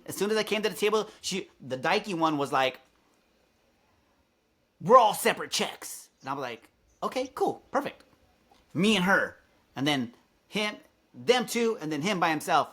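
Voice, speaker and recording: A man, a podcast guest, telling a story in casual chat, swearing freely and acting out the people he quotes. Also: on the high side. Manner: animated, swears freely, acts out quoted lines.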